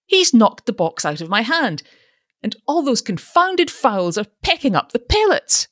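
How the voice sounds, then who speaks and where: A woman's voice: on the high side, very animated, a little slow, no echo, studio quality, pitched above the performer's own voice. Woman reading as a testy, pompous old father. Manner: grumbling and pompous. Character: testy, self-pitying elderly father.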